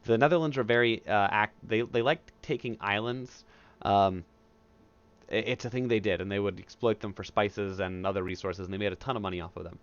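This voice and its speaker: Recorded on a headset mic, this man's history lecture is relaxed and chatty, with brief moments where he plays historical figures. He speaks in a lowish voice with fairly even intonation, and the high frequencies are cut off.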